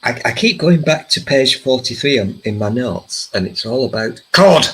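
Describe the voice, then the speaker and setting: A man's voice: medium pitch, animated, normal speed, fairly bright tone, low-quality recording. A man hosting a casual chat about news and politics, joking and laughing often. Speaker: host.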